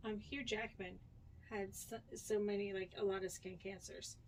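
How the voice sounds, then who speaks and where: A woman's voice: mid-range voice, flat delivery, moderate pace, a little hiss or hum. A woman co-hosting a casual podcast chat, listing items from notes in a matter-of-fact way. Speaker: podcast co-host.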